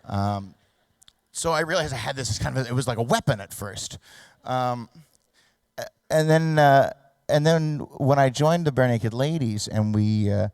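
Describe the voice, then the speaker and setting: A middle-aged man from Canada, a singer giving a reflective stage talk, now and then singing or shouting a line to demonstrate. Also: medium pitch, moderate pace, dry recording, clean studio sound.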